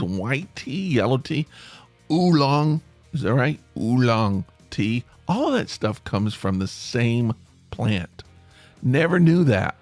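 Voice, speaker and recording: An American man with a medium-pitched voice hosts a casual solo podcast, rambling chattily with playful asides. The recording has no room sound.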